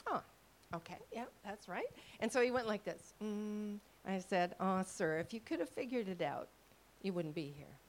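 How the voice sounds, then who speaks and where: A woman giving a sermon with slides, telling stories and quoting conversations, with frequent questions to the audience. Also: medium pitch. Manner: storytelling, quotes people in dialogue. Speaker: ministry speaker.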